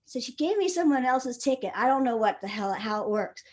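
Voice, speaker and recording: A young woman recounting a wild personal story in a loose, conversational way, laughing through it and swearing freely. Her voice sits a little higher than most women's. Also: animated, a little fast.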